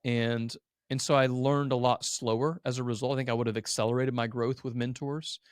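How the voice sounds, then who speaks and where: A man in his thirties who owns an agency tells his story on a podcast, candid and earnest, openly calling himself a crier. His mid-range voice is level and a little fast, recorded clean in a studio with no room sound.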